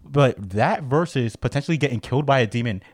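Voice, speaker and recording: A man's voice: medium pitch, animated, fairly quick, no room sound, clean studio sound. A young man co-hosting a casual podcast, talking in loose, slang-heavy, profane banter. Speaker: podcast co-host.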